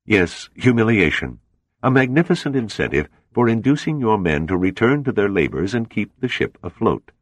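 A man voicing a suave, cold Soviet officer who talks with unhurried, mocking menace. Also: fairly low pitch, big pitch swings, no echo, voice pushed up.

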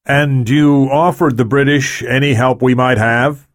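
A man's voice: medium pitch, steady tone, unhurried, dry recording, studio quality, pitched above the performer's own voice, lightly acted. A man voicing a concerned male president in an audiobook.

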